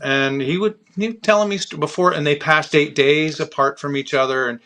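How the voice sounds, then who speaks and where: A man's voice: fairly high pitch, steady tone, brisk, a bit bright. A man, a drummer and author, chatting as a guest and reminiscing in a rambling, enthusiastic way. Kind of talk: casual chat.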